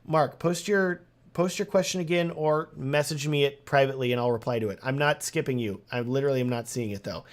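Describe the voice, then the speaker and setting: A man's voice: mid-range voice, a little fast. Chatty young man on a live stream. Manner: animated, talkative, reading comments aloud.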